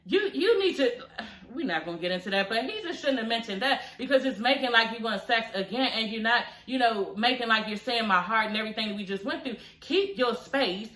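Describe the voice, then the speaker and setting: A woman's voice: a little high, fast. Blunt, laughing woman in an echoey room. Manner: blunt, profane, animated and laughing, with repeated "you know what I'm saying". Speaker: reality TV recap host. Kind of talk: casual reaction commentary.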